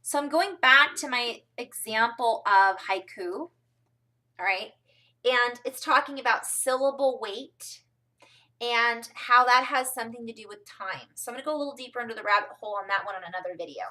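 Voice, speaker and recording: A woman's voice: a little high, normal speed, sharp tone, recorded from a distance. A woman from California rambling through a casual spiritual talk to her viewers, with frequent ums and asides. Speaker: spiritual vlogger.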